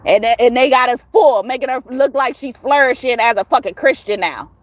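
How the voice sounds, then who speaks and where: A woman's voice: a little high, fairly quick, dry recording. A woman tarot reader ranting to her viewers in a heated, profane, emphatic way. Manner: profane, emphatic, rising to shouts. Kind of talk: heated casual rant to viewers.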